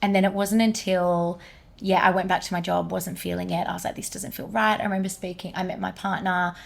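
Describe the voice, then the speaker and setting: A woman, a guest energy healer, telling a personal story in animated casual conversation with lots of "like". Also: fairly low pitch, fairly quick, creaky. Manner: animated, many fillers like "like".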